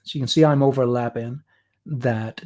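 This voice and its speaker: A man's voice: mid-range voice, fairly even intonation, normal speed, dark tone. A man with an Irish accent, a guest artist chatting and explaining while he draws on a livestream. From Ireland. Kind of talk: drawing demo chat on a livestream.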